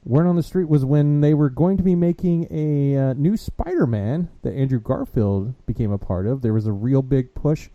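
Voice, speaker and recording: A man hosting a casual podcast chat, telling stories with animated mimicry of angry gamers. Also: mid-range voice, moderate pace, few pauses, no echo. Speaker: podcast host. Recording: dull lo-fi podcast audio.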